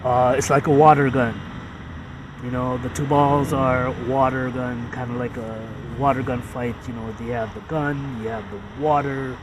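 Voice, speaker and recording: A man casually explaining his own ads in a halting, repetitive way, full of fillers and restarts. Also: mid-range voice, level tone, recorded from a distance, background noise.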